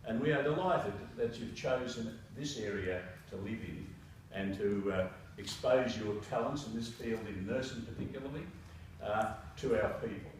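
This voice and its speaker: A man's voice: lowish voice, moderate pace, few pauses, a little hiss or hum. A man presiding over a citizenship ceremony, giving a formal speech and reading with frequent hesitations. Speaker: council presiding officer. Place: council meeting room. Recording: echoey council chamber from far off.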